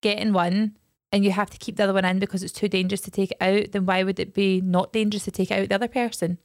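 A woman co-hosting a podcast, chatting in an excitable, emotional way. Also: mid-range voice, fast, no room sound, studio quality. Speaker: podcast co-host. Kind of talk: casual chat.

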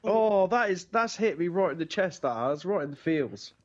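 A man's voice: high voice, animated, moderate pace, lo-fi sound. A man co-hosting a casual podcast, chiming in with teasing remarks and laughs. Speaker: podcast co-host.

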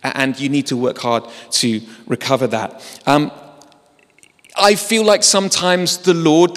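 A man's voice: medium pitch, a bit bright, in a large hall. A man preaching a sermon in a church, talking in a conversational way with self-deprecating humor.

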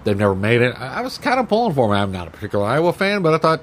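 A man as a podcast guest, talking casually as a fan, halting and restarting often. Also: mid-range voice, sing-song, a bit bright, a little hiss or hum. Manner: hesitant, many fillers and restarts, fan talk. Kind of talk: casual sports chat.

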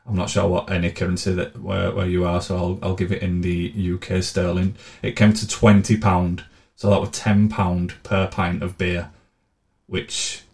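A man's voice: sits low, darkish tone. A man telling blunt, sweary, sardonic travel stories in a casual monologue. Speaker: vlogger.

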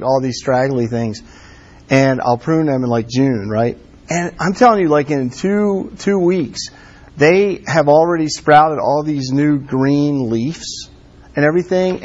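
A man preaching a casual, conversational sermon, filling his talk with "like" and "um" and pressing his points with warm emphasis. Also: on the high side. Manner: conversational, many fillers like "like" and "um". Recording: dull lo-fi sound.

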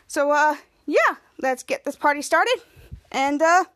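High-voiced woman recapping a show excitedly. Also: unhurried. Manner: excited, rambling with many fillers. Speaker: podcast host. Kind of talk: casual episode recap.

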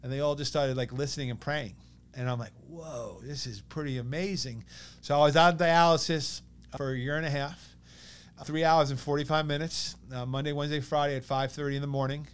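A man in his thirties with a New York accent, telling a personal story as a podcast guest in an animated way, acting out what others said. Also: a little high, fairly quick, smooth. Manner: animated, quotes others in lively bursts.

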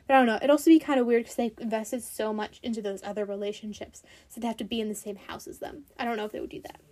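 A high-pitched woman chats her way through a reality TV recap. She is casual and blunt with her opinions, and "like" turns up in nearly every sentence. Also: a little mellow. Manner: chatty and opinionated, heavy use of "like".

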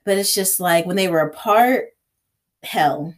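A woman's voice: lowish voice, measured pace. A young woman chatting casually about a book, acting out her own reactions in quoted asides. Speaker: book discussion guest.

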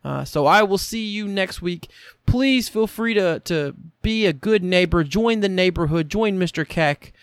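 High, smooth-voiced man hosting a casual podcast. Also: expressive, unhurried, dry recording, studio quality. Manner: joking, loose wordplay and rambling sign-off. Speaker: podcast host. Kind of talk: casual chat.

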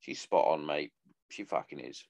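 A man's voice: a bass voice, animated, normal speed, gravelly, darkish tone, dry recording. Sweary man rambling on a podcast. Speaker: podcast host. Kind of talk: casual monologue.

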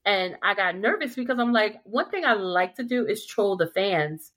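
A woman hosting a casual podcast chat, telling stories with lively delivery and acting out quotes in playful voices. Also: mid-range voice, normal speed. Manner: animated storytelling, acts out quotes in playful voices. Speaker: podcast host.

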